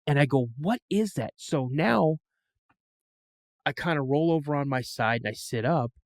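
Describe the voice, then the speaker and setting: A man appears as a podcast guest, telling a story in a casual, animated way and acting out the voices of the people he quotes. His voice is fairly high, his pace moderate, and there's no echo.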